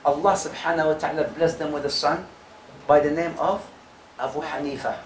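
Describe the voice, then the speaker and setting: A man giving a lively youth talk, acting out the quotes in his stories and joking with his audience. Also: on the high side, fairly quick, slight background noise. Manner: animated, acts out quotes, jokes with audience. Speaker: youth program speaker. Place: community center hall. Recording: echoey room mic from a distance.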